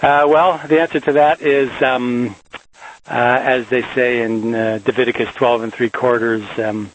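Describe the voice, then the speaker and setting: A man's voice: medium pitch, fairly even intonation, unhurried, a little hiss or hum, rough recording. A man in his fifties, a locksmith, telling dry jokes in a rambling monologue full of fillers into a small handheld recorder. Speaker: locksmith podcaster. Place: driving a van, then hiking outdoors. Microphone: small handheld digital voice recorder.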